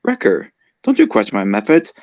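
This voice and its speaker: A man's voice: on the low side, wildly swooping pitch, a little fast, darkish tone, lo-fi sound. A man reading aloud, voicing a tomboyish young female cartoon character in his own easygoing voice.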